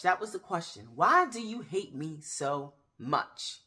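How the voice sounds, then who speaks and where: Slow, bright-voiced woman sharing faith. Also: on the low side, big pitch swings, slightly rough. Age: 30s. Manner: candid and searching, pauses and restarts, speaks directly to viewers. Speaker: faith vlogger. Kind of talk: personal faith testimony, casual talk to camera.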